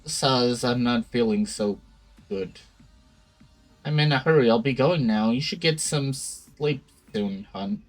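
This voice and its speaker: A man's voice: medium pitch, a little slow, pauses often, soft background music, natural voice. A man reading a dazed teenage girl's game lines aloud, using a lifeless, muttering voice. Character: eerie listless teenage girl, dazed.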